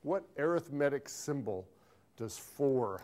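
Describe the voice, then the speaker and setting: A man teaching an accounting class, lively, quizzing students and repeating key phrases, recorded in a classroom. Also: mid-range voice, slow pace. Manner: animated, asks the class questions and drills a phrase. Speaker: accounting instructor. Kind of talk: classroom lecture. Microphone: filmed by a videographer in class.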